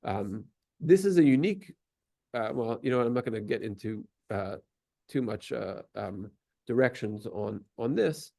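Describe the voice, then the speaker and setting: A man's voice: mid-range voice, expressive, unhurried, vocal fry, dark tone. A man teaching a class, explaining at length with many fillers and restarts and taking questions.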